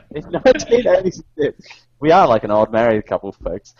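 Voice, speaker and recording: A man's voice: a little high, a little slow, husky, dry recording, dull audio. A man co-hosting a casual podcast, reading movie trivia with jokes and laughs. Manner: jokey, laughs often, animated reading. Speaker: podcast co-host.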